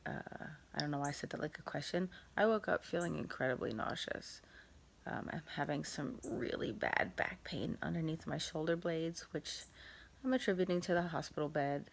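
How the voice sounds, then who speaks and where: A woman recording a casual vlog from her bed at home after surgery, sore and tired, soft-spoken and halting with many pauses and small laughs. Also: sits low, creaky. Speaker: vlogger. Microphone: phone.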